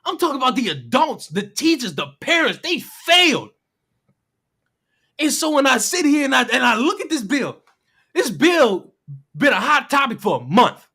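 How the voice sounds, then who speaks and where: Streamer on a profane rant, bright tone, pitch swinging widely, mocks with rhetorical questions. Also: sing-song, moderate pace, slightly rough. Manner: mimics people in silly voices. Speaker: livestreamer. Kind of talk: heated livestream commentary rant.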